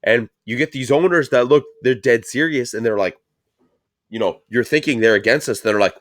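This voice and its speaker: A man's voice: medium pitch, normal speed, fairly bright tone, no room sound, clean studio sound. A man hosting a casual talk show, rambling and swearing a lot, with plenty of fillers. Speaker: show host. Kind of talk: casual profane chat.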